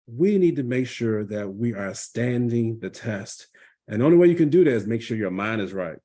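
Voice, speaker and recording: A middle-aged man giving earnest, emphatic closing remarks at a summit, with many filler pauses. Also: medium pitch, animated, mellow. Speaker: summit speaker.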